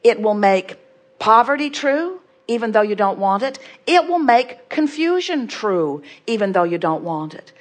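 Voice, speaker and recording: A woman with a somewhat high voice delivers an inspirational talk to an audience. She hammers home her points by repeating phrases and asking rhetorical questions. She refers to herself as "we" throughout. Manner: speaks of herself as "we". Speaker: inspirational speaker.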